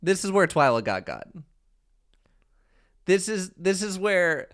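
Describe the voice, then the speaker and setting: A man's voice: sits high, very animated, slow pace, a bit bright, smooth. A man co-hosting a casual recap podcast, retelling events and acting out the players' quotes. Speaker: podcast co-host.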